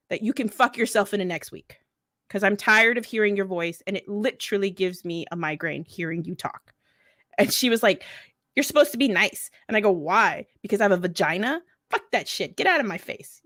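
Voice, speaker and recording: Her voice is mid-range, lively, brisk and a bit bright as she, a veteran and mother in her thirties, recounts candid stories at a mental health event. She's blunt, swears freely and laughs a lot. The sound is clean studio audio with no room sound.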